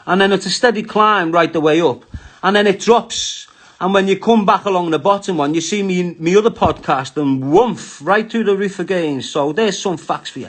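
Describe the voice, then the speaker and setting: A middle-aged man with a Scouse accent from Liverpool, ranting crudely and mockingly on a live stream. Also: on the high side. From Liverpool, England.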